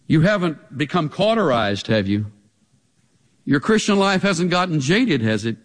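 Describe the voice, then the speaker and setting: A man preaching a sermon, animated, with pointed rhetorical questions. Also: fairly high pitch, measured pace. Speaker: pastor. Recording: long hall reverb.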